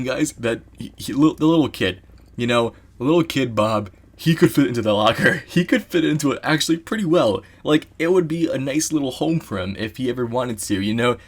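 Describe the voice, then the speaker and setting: A man with a medium-pitched voice, speaking at normal speed, tells a story in a casual vlog. He rambles excitably, filling his talk with "you know" asides.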